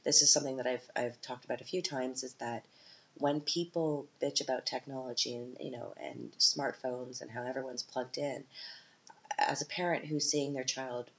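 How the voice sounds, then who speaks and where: A woman with a very deep voice talks through a casual solo podcast, chatty and candid, often pausing on fillers and correcting herself. The recording sounds slightly muffled, with a faint hiss underneath. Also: steady tone. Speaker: podcast host and mother.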